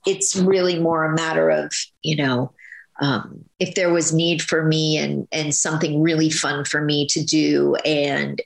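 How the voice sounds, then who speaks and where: A woman in her fifties talks in a gravelly, slightly low voice, rambling and animated with many restarts. She is an actress guest in a casual interview. The sound is echoey, as in a bare room. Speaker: soap opera actress guest.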